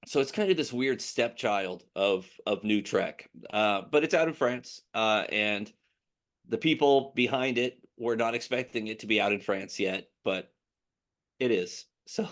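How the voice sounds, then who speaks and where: A man's voice: fairly low pitch, a little slow, fairly bright tone. A man hosting a casual news chat, talking in a rambling way with many fillers and restarts. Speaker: podcast host.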